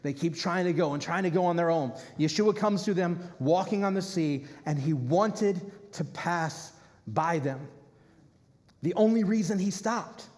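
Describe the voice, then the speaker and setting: Animated casual preaching man in a hall. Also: high-pitched, a little slow. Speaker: rabbi. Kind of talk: sermon. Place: congregation hall. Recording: reverberant hall.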